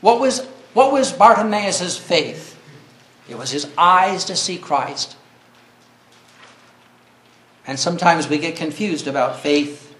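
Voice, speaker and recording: A man's voice: a little high, animated, measured pace, a bit bright, roomy sound. A man preaching a sermon earnestly, reading scripture and rising to cries when he quotes.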